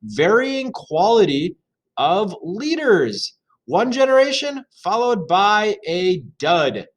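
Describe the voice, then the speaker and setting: A man's voice: high-pitched, very animated, slow. A man reading and explaining a social studies lesson, chatty with jokey asides and frequent fillers. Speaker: teacher.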